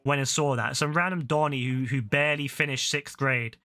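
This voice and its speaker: A man's voice: mid-range voice, fairly even intonation, brisk. A young British man from England, ranting and swearing in casual chat while streaming a game. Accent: British English. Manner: ranting, swears often, laughs loudly.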